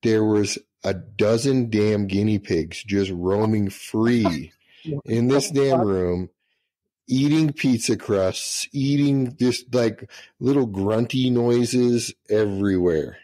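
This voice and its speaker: Low-voiced man telling profane stories. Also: slow pace, dark tone. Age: middle-aged. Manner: profane, laughing anecdotes. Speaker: podcast guest, retired senior master sergeant. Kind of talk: casual storytelling.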